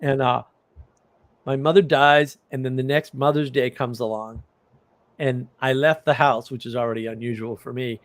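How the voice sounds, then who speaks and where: In a mid-range voice at a moderate pace, a middle-aged man hosts a livestream. He tells rambling, animated stories in a casual chat, often bursting into laughter.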